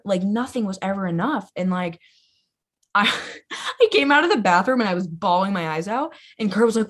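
A young woman talking as a podcast guest in a casual conversation. She is loud, playful and blunt, fills her talk with "like" and swears freely. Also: mid-range voice. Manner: chatty, says "like" constantly, swears freely.

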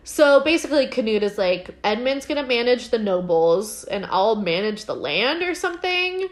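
A woman with a fairly high voice chats through a show recap, leaning on fillers and slipping into quick voices for each character. Her telling is loose and animated, a co-host's casual rundown. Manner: animated, filler-heavy, acts out characters' lines. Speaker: podcast co-host. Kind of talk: casual episode recap chat.

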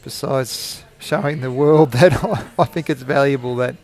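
A man's voice: mid-range voice, steady tone, moderate pace, darkish tone. A man in his forties, hosting a rambling, jokey, self-mocking solo podcast recorded in a cafe. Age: 40s. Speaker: podcast host.

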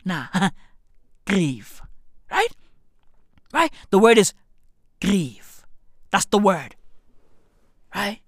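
A woman from Africa hosting a podcast in a profane comedic rant, slangy and excitable, swearing and laughing often, jumping from loud highs to low mutters. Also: slow, pauses often, dry recording, studio quality. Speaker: podcast host.

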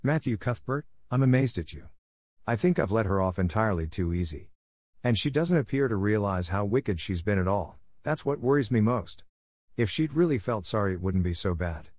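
A man voicing a stern, strict middle-aged farm woman in an audiobook, brisk and scolding. The recording is dry and close. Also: on the low side, expressive, darkish tone, no room sound. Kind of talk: audiobook character reading.

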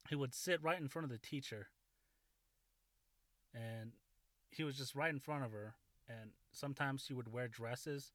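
A man's voice: mid-range voice, a little slow, long pauses, fairly bright tone, no room sound. Man, 30s, casual profane storyteller, rambling delivery, dry recording. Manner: rambling, profane, laughing often.

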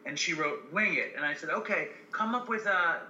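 Bright-voiced storytelling man in echoey room. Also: on the high side, normal speed, dull audio, a little hiss or hum. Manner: profane, storytelling, animated. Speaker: podcast co-host. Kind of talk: casual chat.

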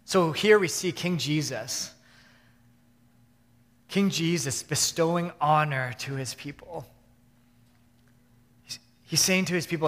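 A man's voice: on the high side, slow pace, pauses often, fairly bright tone. A man preaching a sermon as pastor, earnest and given to repeating and restarting his words. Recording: long hall reverb.

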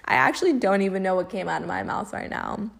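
Gravelly-voiced young woman chatting casually. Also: medium pitch, lively intonation, fast talker. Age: young adult. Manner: chatty, swears a lot, laughs often. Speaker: podcast host. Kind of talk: casual storytelling podcast.

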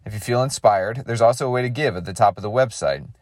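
A man's voice: medium pitch, quick pace, no echo, clean studio sound. A man, a pastor, reading a friendly promotional intro for a sermon podcast. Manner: friendly, lively promotional read.

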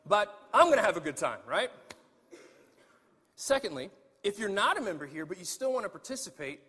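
A man's voice: high-pitched, very animated, fairly quick, a bit bright, husky. A man preaching a sermon as pastor in a church, talking straight to the congregation with frequent asides. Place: church sanctuary. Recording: echoey hall.

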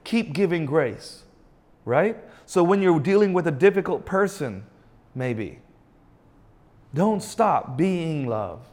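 A man preaching a sermon, emphatic and asking his listeners rhetorical questions, and drawing out key phrases slowly. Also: a little high, very animated, a little mellow. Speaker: pastor.

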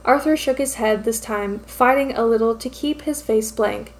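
A woman reading fan fiction aloud as narrator in an even, steady storytelling manner. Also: a little high, normal speed.

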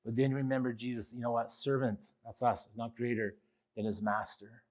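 A male pastor preaching a sermon, swinging from quiet reflection to loud, impassioned pleading. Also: level tone, moderate pace. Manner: impassioned preaching, rising loud when voicing the psalmist; drops low and quiet on reflective points.

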